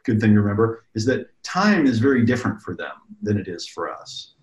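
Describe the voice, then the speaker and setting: A man's voice: fairly low pitch, brisk. Roomy-sounding man chatting about parenting. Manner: relaxed, rambling, restarts phrases. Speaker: parent sharing parenting advice. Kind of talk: casual conversational chat.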